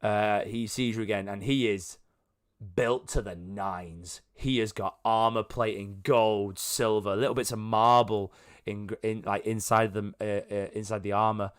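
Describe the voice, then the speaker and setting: A man's voice: on the low side, steady tone, a little slow, clean tone. A man narrating as game master of a tabletop game, chatty and rambling, with frequent fillers.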